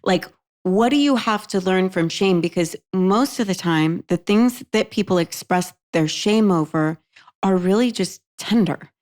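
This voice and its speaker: A woman's voice: fairly low pitch, unhurried, a little mellow. A woman co-hosting a podcast, talking in an earnest, emphatic way and swearing casually. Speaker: podcast co-host. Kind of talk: casual chat.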